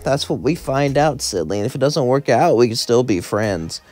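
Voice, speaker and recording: A man's voice: medium pitch, animated, moderate pace, darkish tone, faint music behind, natural voice. A man voicing a playful, flirty male spider demon with a teasing, sing-song delivery.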